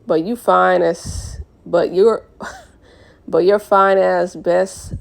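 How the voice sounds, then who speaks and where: A woman's voice: fairly low pitch, fairly even intonation, extremely slow, vocal fry, full character voice. A woman reading aloud, voicing a chatty young woman friend using casual slang. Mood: amused.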